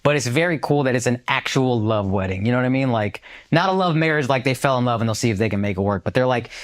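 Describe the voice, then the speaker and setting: A man from the United States, a comedian guest on a podcast, telling a story in an animated way and swearing freely. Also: medium pitch, fast. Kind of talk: casual podcast chat.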